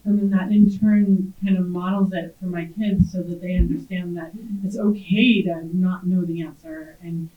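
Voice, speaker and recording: A woman's voice: lowish voice, steady tone, normal speed, few pauses. A middle-aged woman, a parent on a panel, reflects in a thoughtful, earnest way and often repeats words as she goes. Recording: echoey, tinny.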